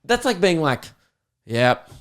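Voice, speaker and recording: A young man, hosting a casual podcast and telling lively stories, acting out the voices of the people in them. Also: medium pitch, normal speed. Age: young adult. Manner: animated storyteller who acts out voices of others. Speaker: podcast host and comedian.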